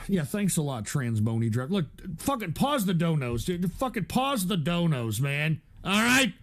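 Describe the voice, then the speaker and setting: A man's voice: on the high side, very animated, normal speed. A man hosting a livestream, ranting angrily and sighing as he reads out donation messages. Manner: exasperated, cursing, sighing. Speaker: livestream host reading donations. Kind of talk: angry livestream rant.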